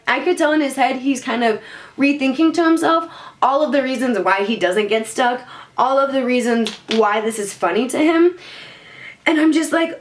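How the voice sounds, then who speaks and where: A young woman vlogger telling a casual storytime, animated and swearing, full of "like". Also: high-pitched, moderate pace. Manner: animated, swearing, lots of filler "like". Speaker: beauty vlogger.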